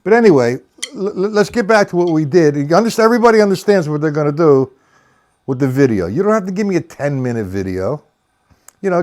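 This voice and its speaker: A fairly high-pitched, slightly mellow voice comes from an older drum teacher giving a casual, meandering lesson on a live stream. He explains technique and counts beats out loud.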